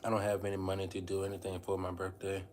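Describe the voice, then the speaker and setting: A man with a somewhat low voice livestreams to his viewers in an unscripted, meandering way. He repeats himself and speaks straight to the audience. A faint background noise sits under his voice. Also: monotone, fast talker, darkish tone. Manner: rambling, repeats phrases, addresses viewers as y'all. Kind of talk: casual livestream talk to viewers.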